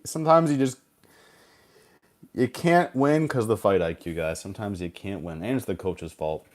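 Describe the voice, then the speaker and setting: A man's voice: medium pitch, expressive, normal speed, a little mellow. A young man with a sore throat hosting a casual gaming livestream, rambling and cursing as he chats. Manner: rambling, profane, jokey. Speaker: livestream host. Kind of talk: casual streaming chat.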